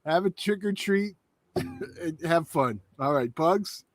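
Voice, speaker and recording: Male podcast host, fairly high voice, wry, keeps the show moving. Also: animated, slow, no echo. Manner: wry, steering the talk. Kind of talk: casual banter.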